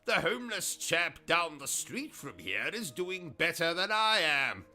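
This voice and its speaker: A man with a British accent hosting a gaming livestream, delivering pompous, insulting, deadpan absurd comedy. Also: fairly high pitch, unhurried, soft background music. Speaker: gaming streamer host. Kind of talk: comedic in-character livestream monologue.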